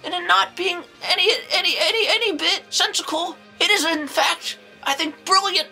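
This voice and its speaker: An eccentric, creepy old nun who talks in a very high, piercing voice, put on by a woman. She rambles in a folksy way and keeps breaking into exclamations as she reviews a horror movie in a comedy sketch. Her tone is bright and sharp. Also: normal speed, faint music behind, exaggerated voice, rough recording. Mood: rambling. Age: older. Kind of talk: comedic character monologue.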